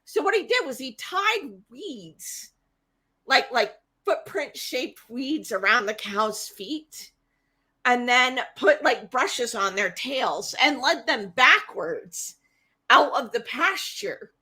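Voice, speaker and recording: A woman co-hosting a podcast, retelling myths in a casual, animated way and acting out the characters. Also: sits high, takes it slowly, slightly rough. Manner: animated retelling with acted-out voices. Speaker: podcast co-host. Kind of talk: casual storytelling.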